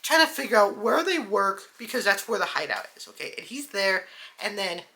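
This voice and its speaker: A woman chatting excitedly in a casual movie review vlog, calling her viewers "dude" and "guys". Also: mid-range voice, brisk, creaky.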